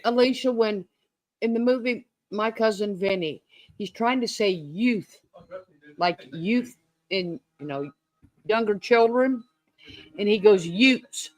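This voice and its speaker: A woman's voice: mid-range voice, slow pace, pauses often, darkish tone, no echo. A woman co-hosting a livestream, teasing her friend and telling stories in a casual chat. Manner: teasing, storytelling. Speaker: livestream co-host.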